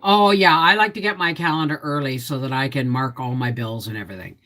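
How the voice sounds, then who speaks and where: Woman, 50s, livestream host, weary confiding ramble, deep voice. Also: brisk, bright, forceful tone. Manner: confiding, rambling storyteller who greets viewers. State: emotionally tired. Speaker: homestead vlogger hosting a livestream. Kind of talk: casual live-stream chat.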